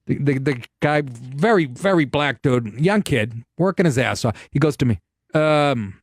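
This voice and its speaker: A man hosting a talk radio show, ranting and telling stories in a profane, animated way from a studio. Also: medium pitch, measured pace, no echo. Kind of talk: casual talk radio monologue.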